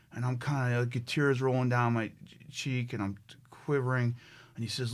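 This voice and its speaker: A middle-aged man from the United States tells his story as a guest on a podcast, in a mid-range voice. He is animated and emphatic, and he often restarts his sentences. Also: medium pitch, normal speed. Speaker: podcast guest, fitness trainer. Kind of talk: conversational storytelling.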